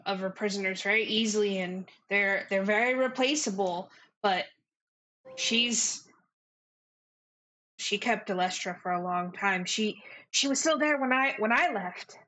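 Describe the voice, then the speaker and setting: A woman running a tabletop game, speaking slowly and hesitantly with many restarts. Her voice is bright and a little high, over a faint hiss and clicks. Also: rough recording. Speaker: game master.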